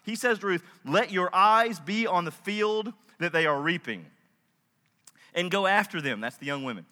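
Male pastor, high bright voice, emphatic, chatty preaching, reverberant hall. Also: lively intonation, normal speed. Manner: conversational, emphatic preaching with asides. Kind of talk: sermon.

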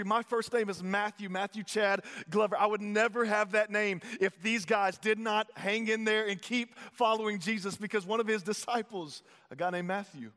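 A man's voice: high-pitched, fairly even intonation, normal speed, hardly any pauses, sharp tone. A man preaching a sermon as pastor, conversational and playful, slipping into acted voices for emphasis. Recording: long hall reverb.

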